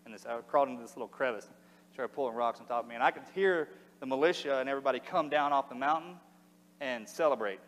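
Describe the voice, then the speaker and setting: A middle-aged man telling a war story to an audience in a plain, halting way, his voice sinking low and quiet at the hardest parts. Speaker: speaker giving a talk. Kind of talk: recounting a combat story to an audience. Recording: long hall reverb.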